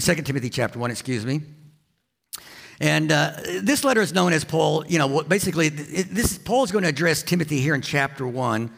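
A man's voice: medium pitch, gravelly, fairly bright tone. A man preaching a sermon as a pastor, telling a personal story with frequent repeats and restarts.

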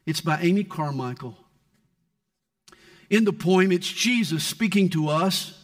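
A man's voice: high-pitched, animated, measured pace. A male pastor preaching a sermon, reading scripture and poetry with dramatic swings in tone.

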